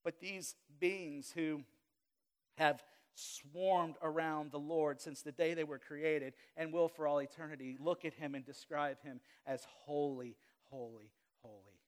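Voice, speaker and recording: A man from Louisiana preaching a live sermon as pastor to a congregation in a church, with dynamic swings between loud emphasis and quiet asides, and humorous confessional remarks. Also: a little high, steady tone, a little slow, clear, resonant tone. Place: church sanctuary before a congregation.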